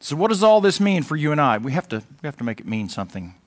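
A pastor preaching a sermon in a conversational way, moving between loud emphatic bursts and quiet asides, now and then mimicking whiny voices for a laugh. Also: male voice, on the high side, big pitch swings, racing. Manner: mimics whining voices in a comic way.

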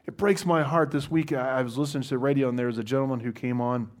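A man's voice: mid-range voice, fairly even intonation, fast. A man, a pastor, giving a conversational sermon to a congregation, with wry self-deprecating humor and frequent restarts.

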